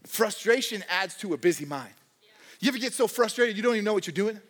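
A man's voice: sits high, quick pace, fairly bright tone, big-room sound. A young man preaching a sermon in a conversational, joking way, acting out quoted voices. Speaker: pastor.

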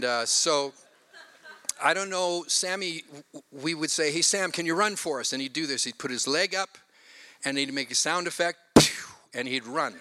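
An older man from Canada, a pastor preaching a sermon with animated, self-mocking stories. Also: fairly high pitch, clear, resonant tone. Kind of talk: sermon with storytelling.

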